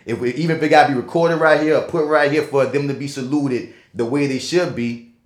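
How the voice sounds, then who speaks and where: A man hosting a podcast, telling stories in an animated, slang-heavy way. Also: mid-range voice, fairly quick. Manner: animated, slangy storytelling full of "you feel me". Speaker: podcast host and stage actor. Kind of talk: casual podcast chat. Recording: roomy echo.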